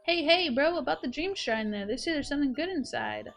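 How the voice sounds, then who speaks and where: A woman voicing a cheeky young village kid from a game, talking loudly and theatrically. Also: high-pitched, expressive, a little fast, soft background music. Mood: whiny.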